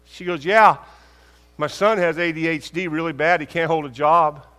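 A man preaching a sermon, telling stories and acting out conversations, asking rhetorical questions with lively emphasis. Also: on the high side, normal speed, smooth. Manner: animated, acts out dialogue, rhetorical questions. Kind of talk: sermon with storytelling. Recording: long hall reverb.

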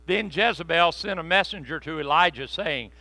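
A man preaching a sermon in a conversational, joking way, slowing down to stress key phrases. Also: fairly high pitch, expressive, sharp tone, dry recording. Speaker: pastor.

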